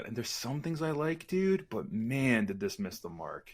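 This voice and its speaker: A man's voice: medium pitch, very animated, normal speed. A man in his thirties co-hosting a podcast, talking in a loose, chatty way full of likes. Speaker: podcast co-host. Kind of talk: casual chat.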